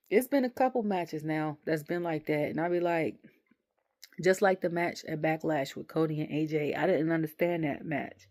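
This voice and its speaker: A woman's voice: low-pitched, moderate pace, a little mellow. A young adult woman, rambling animatedly through a casual wrestling review and acting out the voices she quotes.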